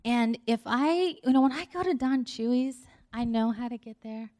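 A woman's voice: on the high side, normal speed, dark tone. A middle-aged woman giving a conversational sermon, telling a story with acted-out dialogue and laughter. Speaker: speaker.

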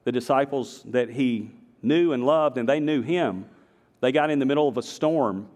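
A man with a slight Southern accent preaching a sermon, moving between emphatic declarations and quiet, conversational storytelling. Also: medium pitch, normal speed, big-room sound. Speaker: pastor. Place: church sanctuary.

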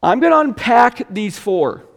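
High-voiced male pastor preaching in a reverberant hall. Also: sing-song, a little slow. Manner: conversational preaching, swings between hushed asides and loud emphatic bursts. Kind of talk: sermon.

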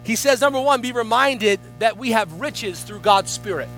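A man with a high, bright voice preaches with fervent energy, calling out to the congregation as he builds. Soft music sits behind him. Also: expressive, moderate pace, rough recording. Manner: fervent preaching with rising call-outs. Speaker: guest pastor. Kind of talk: sermon.

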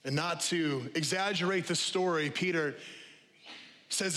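A male pastor preaching a lively, conversational sermon to a congregation, repeating key phrases and dropping humorous asides. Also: on the high side, measured pace. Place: church auditorium with live congregation. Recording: long hall reverb.

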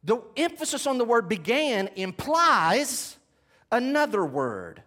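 With a very high, sharp voice whose pitch swoops wildly, a Bible teacher takes his sermon slowly. He hits key words emphatically, quizzes the audience with questions and has them write notes.

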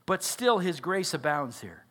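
A man's voice: fairly high pitch, sing-song, unhurried, fairly bright tone. A father and pastor preaching a sermon, earnest and often asking his listeners questions. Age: adult father. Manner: earnest, asks the audience questions.

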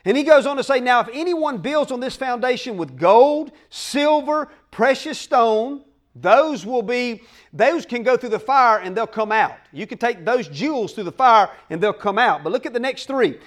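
A man's voice: extremely high pitch, expressive, moderate pace. A male pastor preaching a sermon, emphatic and folksy, calling out to the congregation. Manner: folksy plain speech.

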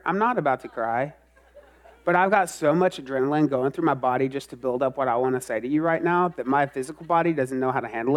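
A man with a fairly high voice preaches an animated sermon. He pokes fun at himself and now and then breaks into loud, rising outbursts. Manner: animated, self-mocking, swings into loud outbursts. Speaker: pastor.

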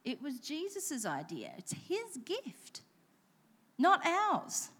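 A woman delivers a sermon in a bright, high voice. She preaches with animated energy and slips into playful, self-deprecating stories. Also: slow. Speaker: pastor.

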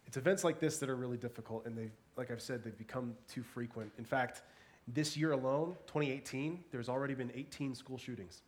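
A congested man with a cold preaches in church at a mid pitch, earnest and halting as he restarts his phrases. He drops into a hushed, reverent tone when he leads a prayer. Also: a little hiss or hum. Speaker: pastor. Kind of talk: sermon and spoken prayer. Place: church service.

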